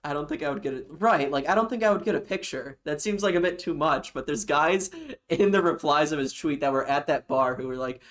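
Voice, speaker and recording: A man's voice: a little high, brisk, fairly bright tone. A man hosting a casual game stream, rambling and giggling through loose banter full of fillers. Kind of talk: casual let's-play banter.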